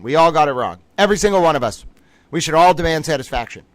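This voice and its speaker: A man's voice: fairly high pitch, sing-song, fast talker, no room sound, poor audio. A man hosting a casual livestream trivia game, reading out questions and making playfully indignant, rambling asides.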